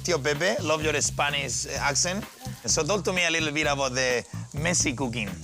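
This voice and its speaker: Over background music, a man with a somewhat high voice talks fairly quickly as he hosts a cooking segment on TV. He's animated and teasing, bantering playfully with his guest on air and laughing a lot while they cook.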